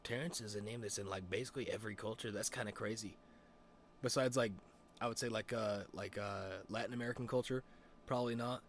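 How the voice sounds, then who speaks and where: A man's voice: fairly low pitch, fairly even intonation, fairly quick, slight background noise. Rambling, swearing young man. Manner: rambling, many fillers and restarts, swears freely. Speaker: streamer. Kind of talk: casual chat.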